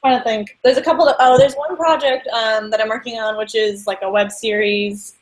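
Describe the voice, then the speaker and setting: A young woman in casual chat, enthusiastic and quick to laugh. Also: on the high side, fairly even intonation, low-quality recording. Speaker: co-host.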